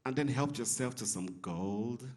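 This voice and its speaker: A man's voice: medium pitch, measured pace, background noise. A man from Nigeria performing a stand-up comedy set on stage in a comedy club, teasing the crowd.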